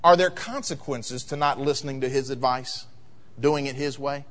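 A male pastor preaching a sermon, acting out voices and building to loud, emphatic peaks. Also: medium pitch, moderate pace. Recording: long hall reverb.

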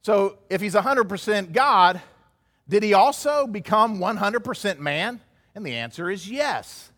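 High-voiced preacher in a reverberant hall. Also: male voice, animated, unhurried, a bit bright. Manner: earnest, rising to emphatic peaks. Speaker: pastor. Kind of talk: expository sermon.

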